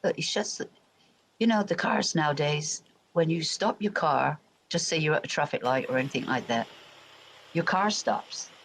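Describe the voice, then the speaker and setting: A livestream host from England with an English accent softened by years in America, chatting loosely and talking straight to viewers. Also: mid-range voice, moderate pace, vocal fry, slight background noise, poor audio. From England, Royal Berkshire. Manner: rambling, chatty, addressing viewers directly. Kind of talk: casual livestream chat.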